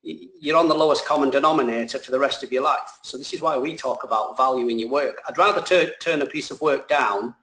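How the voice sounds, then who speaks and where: A man's voice: medium pitch, a little fast, few pauses, a bit bright. Man in an echoey room. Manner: rambling, self-correcting. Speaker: drone pilot and trainer, guest. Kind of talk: casual explanatory answers.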